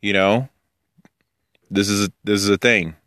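Man, casual teacher, wanders off topic and acts out other people's lines, clear smooth voice. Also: on the low side, steady tone, a little slow, fairly bright tone, dry recording, clean studio sound. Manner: conversational, digressive, acts out quoted speakers. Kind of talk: informal Bible teaching.

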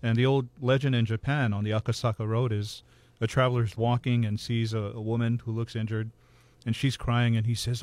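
Measured man telling ghost stories. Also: medium pitch, level tone, a little mellow, no echo. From Hawaii. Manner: measured, matter-of-fact storyteller. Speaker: ghost storyteller guest. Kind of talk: casual ghost storytelling.

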